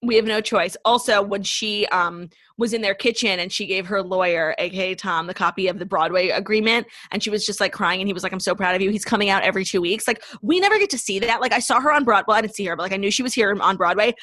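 A young woman co-hosting a podcast chats casually, gushing with a profane edge as she races through reality TV recaps. Her medium-pitched voice sounds pushed and bright, recorded in clean studio sound with no room sound.

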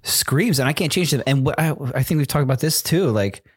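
A man's voice: a little high, expressive, brisk, slightly rough, no echo, clean studio sound. A man co-hosting a podcast, chatting casually and laughing off his own mishaps in a self-deprecating way. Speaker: podcast co-host. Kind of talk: casual chat.

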